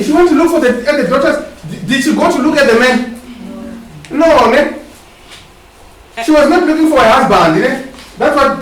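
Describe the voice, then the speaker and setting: A man with a very high voice preaches a sermon and keeps tagging his lines with quick questioning asides. He asks the listeners to complete his sentences. The sound is distant and echoes heavily around a church hall, with a faint hiss underneath. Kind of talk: sermon with call-and-response.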